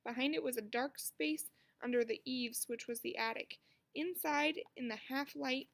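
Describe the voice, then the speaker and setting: A woman reading a children's book aloud with expressive storytelling. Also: sits high, creaky. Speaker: narrator.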